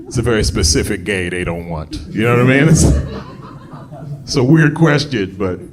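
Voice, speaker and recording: A man does a stand-up comedy set in a lowish voice with lively intonation at a normal speed. He talks conversationally but leaps into loud, shouted bits when acting out voices, while crowd noise fills the background.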